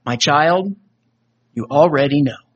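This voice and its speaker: A man voicing Jesus as a grieving but firm judge, speaking softly and solemnly. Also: fairly high pitch, a little slow, highs cut off. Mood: sorrowful firm. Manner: soft, sorrowful and solemn.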